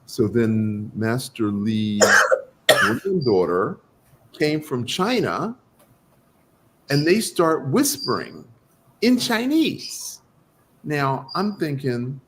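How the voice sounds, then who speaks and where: A man's voice: medium pitch, drawn-out words, pauses often, slight background noise. A man, a guest doctor of Chinese medicine, telling his story in an interview and acting out the dialogue in it. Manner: animated, acts out quoted dialogue.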